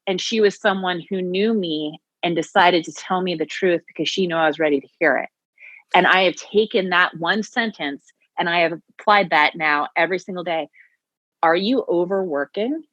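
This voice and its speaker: Earnest woman guest, low voice, lo-fi sound. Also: normal speed, a bit bright, dry recording. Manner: earnest, reflective storytelling. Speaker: yoga and Pilates teacher, guest. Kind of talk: conversational podcast interview.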